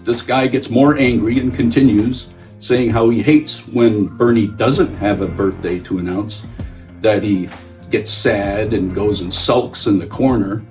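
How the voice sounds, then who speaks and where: A man's voice: on the low side, measured pace, a little mellow, lightly acted. A man voicing an easygoing, dimension-hopping male storyteller telling a comic anecdote. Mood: amused. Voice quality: easygoing, chatty storyteller, playful. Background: faint guitar music.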